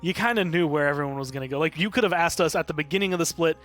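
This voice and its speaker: A young man with a slight Southern US accent gives color commentary on an esports match. He talks fast and analytically, in a fairly high voice. Faint music plays behind him. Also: fairly bright tone. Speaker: esports co-caster.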